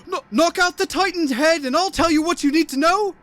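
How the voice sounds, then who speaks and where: A shrill frantic elven skull. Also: male voice, fairly quick, faint music behind. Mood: frantic pleading. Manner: frantic, pleading, shouting over others.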